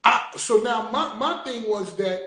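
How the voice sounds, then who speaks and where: An excitable man hosting an interview, stammering and shouting at times as he tells his story. His voice sits very high for a man, and it rings in a roomy echo. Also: measured pace. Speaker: interview host. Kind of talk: casual chat.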